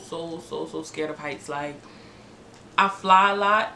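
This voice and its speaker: In this storytime vlog, a young woman with a fairly low voice recounts a dramatic personal story with animation, cursing, and acted-out quotes from the people in it. The recording has a slight hiss or hum, an echoey room sound, and music in the background.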